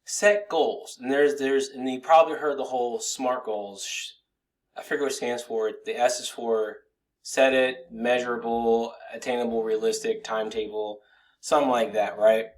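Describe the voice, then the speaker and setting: A man's voice: medium pitch, fairly even intonation, normal speed. A man coaching straight to the viewer in a loose, rambling talk, swearing and restarting his sentences. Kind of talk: casual motivational talk to camera.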